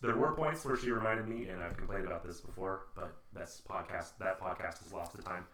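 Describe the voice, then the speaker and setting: A man's voice: sits low, brisk, a bit bright, reverberant, slight background noise. A man hosting a podcast, chatting casually about a movie in a rambling, joking way. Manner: rambling, jokey, slips into put-on voices. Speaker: podcast host. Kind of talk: casual movie-review chat.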